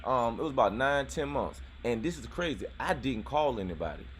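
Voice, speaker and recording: A man's voice: mid-range voice, lively intonation, fairly quick, slight background noise. A man in his thirties hosting a casual podcast chat outdoors, talking in a laid-back way with lots of fillers and restarts. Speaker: YouTube host.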